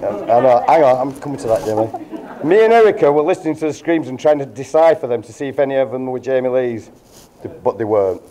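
Mellow-voiced man toasting. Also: mid-range voice, animated, quick pace. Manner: dry joking, reading from notes. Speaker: groom's father giving a wedding speech. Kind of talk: wedding toast speech. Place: wedding reception room.

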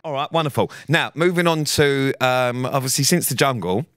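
A man, co-hosting a podcast in casual chat, dry and deadpan as he steers the talk. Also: medium pitch, moderate pace, clear, resonant tone, no room sound. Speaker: podcast co-host.

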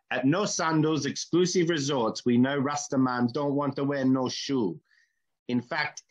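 A man voicing an upbeat male Jamaican resort ad announcer in a comic mock ad, in a put-on Jamaican accent with drawn-out, sing-song patter. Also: mid-range voice, highs cut off, voice pushed up, natural voice.

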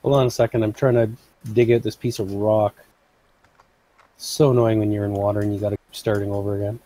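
A man's voice: on the low side, little pitch movement, a little fast, dark tone. A man playing along on a game stream, chatting easily with the host. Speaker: fellow player. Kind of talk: casual gaming chat.

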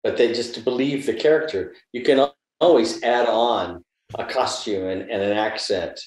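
With a mid-range voice at normal speed, a U.S. actor in his seventies tells stories and gives advice thoughtfully during a reflective interview. The recording carries a roomy echo.

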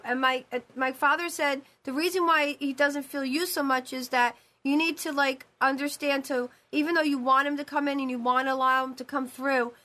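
A woman's voice: high voice, bright, forceful tone. A woman hosting a live call-in show as a psychic medium, talking in a rambling, emphatic way with many repeated phrases.

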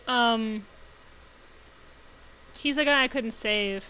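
A woman's voice: fairly high pitch, very slow, pushed and bright, clean tone, poor audio. Chatty, giggly young woman gamer. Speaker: gaming channel host. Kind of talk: let's play commentary.

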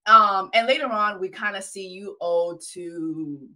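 An American woman hosting an interview, chatty and lively with casual slang. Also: mid-range voice, measured pace. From United States. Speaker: podcast host.

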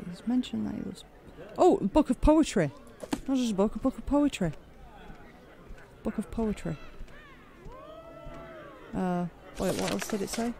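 A man's voice: sits high, lively intonation, a little slow, creaky, pauses often, mellow. A man giving casual, joking commentary while playing a video game, thinking aloud. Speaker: let's play gamer. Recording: game sounds and music behind.

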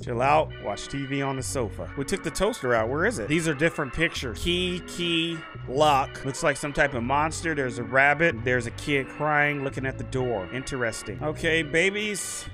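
Excitable man doing game commentary. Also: medium pitch, moderate pace, hardly any pauses. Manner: excitable, reads game prompts aloud, yelps and whines at the game. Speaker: gaming YouTuber. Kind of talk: casual let's-play commentary. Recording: gameplay commentary over loud game music.

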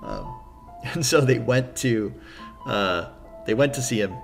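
A man's voice: medium pitch, expressive, takes it slowly, creaky. Male game master, casual campaign recap, enthusiastic and rambling, mid-range voice, faint music behind.

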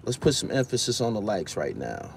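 A man's voice: on the low side, sing-song, brisk, slight background noise. A man hosting a casual live stream, talking loosely and with profanity as he reads out viewer comments and gives his take. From Brooklyn, New York.

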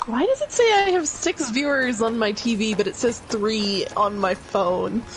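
A woman's voice: on the high side, lively intonation, measured pace, slight background noise, rough recording. A woman streamer chatting in a laid-back way over a game, swearing casually. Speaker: fellow streamer. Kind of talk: casual gameplay chat.

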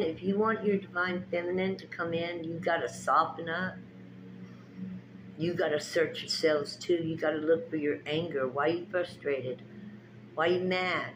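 A woman's voice: low-pitched, fairly even intonation, a little slow, noisy background. A woman giving a spiritual pep talk with tarot readings, speaking to her viewers in a preachy, emphatic, folksy way with lots of repetition. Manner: folksy, direct address to viewers.

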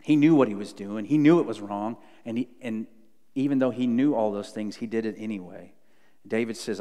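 A male pastor preaching a sermon, earnest, moving between loud emphasis and hushed low tones. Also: a little fast, in a large hall. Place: church sanctuary.

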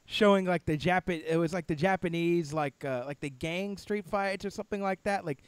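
High-pitched dude hosting a podcast, super hyped, says man and dude constantly. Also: moderate pace, smooth, no room sound. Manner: excitable and enthusiastic, swears casually, says "man" and "dude" a lot. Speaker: podcast host. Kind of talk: casual podcast interview.

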